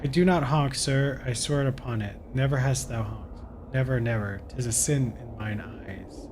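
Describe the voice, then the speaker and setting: A man's voice: mid-range voice, moderate pace, very noisy, close to an everyday voice. A man voicing solemn talking trees in a video game, speaking in stilted, archaic storybook phrasing.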